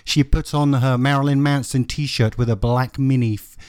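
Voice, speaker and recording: A man co-hosting a podcast, reading a bad fanfic aloud in a deadpan comedic style. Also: medium pitch, normal speed. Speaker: podcast co-host.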